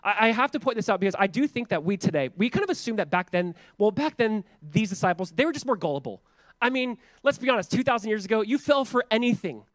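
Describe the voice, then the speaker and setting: A man pastor giving an animated, conversational sermon, acting out quotes in a playful way. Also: high voice, quick pace, dry recording.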